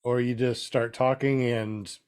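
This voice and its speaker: A man hosting a casual panel podcast, relaxed and quick to agree with his guests. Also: mid-range voice, clean tone. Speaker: podcast host.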